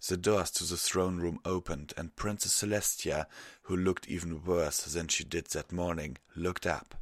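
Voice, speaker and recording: A man narrating a fan fiction story aloud in a measured, even way. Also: deep voice, dry recording, studio quality. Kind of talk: audiobook reading of fan fiction.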